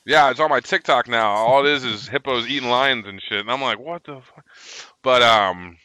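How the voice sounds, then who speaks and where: तीस के दशक का एक आदमी, सेना का पूर्व सैनिक, जो खुलकर गालियों के साथ भटकती हुई कहानियाँ सुनाता है।. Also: male voice, medium pitch, brisk, sharp tone, clear, resonant tone, no room sound, poor audio. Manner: rambling, profane storyteller. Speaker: military veteran guest. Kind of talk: casual chat.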